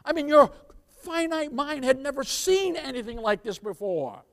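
A man preaching a sermon as pastor, swelling to loud cries and dropping low, often addressing the congregation as beloved and calling for amen. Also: animated, normal speed.

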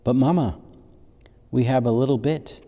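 A man voicing a cheerful, eager young boy in a storybook, with a quick, bouncy manner. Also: medium pitch, dark tone, in a large hall, natural voice.

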